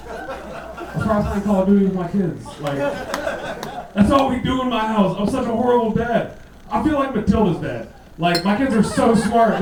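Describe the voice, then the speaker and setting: High-voiced man doing stand-up in an echoey club. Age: 30s. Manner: profane, loud punchy delivery with mocking put-on voices. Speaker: stand-up comedian. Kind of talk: stand-up comedy set. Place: comedy club stage. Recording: echoey club, mic heard from a distance, laughing crowd.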